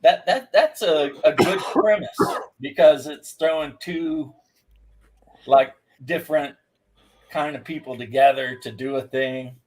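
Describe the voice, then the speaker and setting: A friendly man chats on a livestream, his voice a touch higher than usual. He stumbles and restarts his sentences as he finds his words. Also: low-quality recording. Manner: halting, restarts often, friendly. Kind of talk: casual group chat on a stream.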